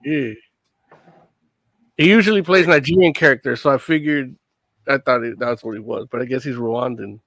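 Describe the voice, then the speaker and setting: A man's voice: medium pitch, normal speed, pauses often, fairly bright tone, no echo. A man on a casual panel show who explains things matter-of-factly, tagging his lines with "you know".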